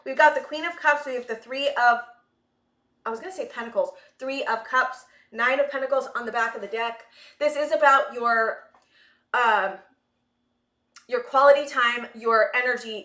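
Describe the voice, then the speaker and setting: A woman's voice: fairly high pitch, bright, forceful tone, echoey room. A woman giving a rambling collective tarot reading, searching for words and short of breath. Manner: rambling, searching for words, many fillers and sighs. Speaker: tarot reader.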